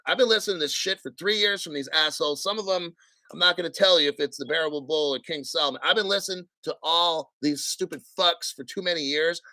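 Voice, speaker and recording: A man hosting a crypto stream, ranting in a blunt, profane, combative way and clearing his throat often. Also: on the high side, fast, sharp tone, no echo. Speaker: crypto channel host. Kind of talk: livestream rant.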